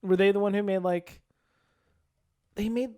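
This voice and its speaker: A man's voice: high-pitched, steady tone, unhurried, darkish tone, clear, resonant tone. A man co-hosting a podcast in casual chat. He tells stories and acts out his own reactions. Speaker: podcast co-host.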